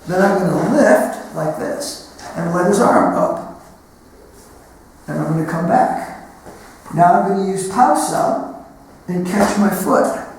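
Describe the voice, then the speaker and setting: Instructor shouting across an echoey hall. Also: male voice, sits high, slight background noise. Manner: instructive, talks through moves step by step. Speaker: martial arts instructor. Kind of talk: teaching a class while demonstrating. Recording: echoey hall recording from far off.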